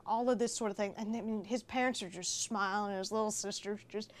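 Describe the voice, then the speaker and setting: Woman, podcast guest, warm animated storyteller, casual chat. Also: medium pitch, a little fast. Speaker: film festival organizer guest.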